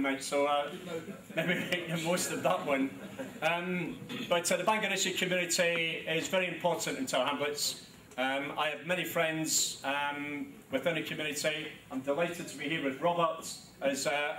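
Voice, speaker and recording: A man with a London accent addresses a launch crowd, rambling genially and pausing often on ums. His voice is bright and a touch high. It is recorded from a distance in a large, echoing hall. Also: slight background noise. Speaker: government minister giving a speech. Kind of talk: formal speech at a press launch. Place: large echoey event hall. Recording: echoey hall, speaker off-mic.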